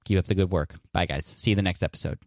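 Here a thirties-aged man with a low voice fires off rapid answers to listener questions on his solo podcast. He's earnest but rambling and casual, restarting often and leaning on fillers, all captured in clean studio sound with no room noise.

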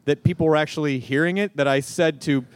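A man co-hosting a live comedy podcast on stage, riffing and swearing in animated banter. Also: fairly high pitch, quick pace, smooth. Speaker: podcast co-host.

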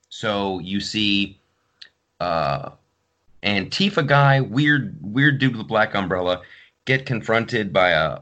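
Male podcast host, deep and very lively, animated storyteller. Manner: animated storytelling, acts out quotes. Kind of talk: casual podcast chat.

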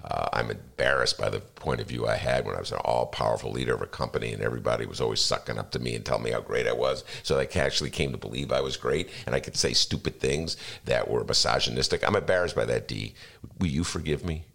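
A mock-penitent billionaire mayor, put on by a man with a gravelly, lowered voice. He confesses slowly and quietly, every word soft and contrite. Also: exaggerated voice.

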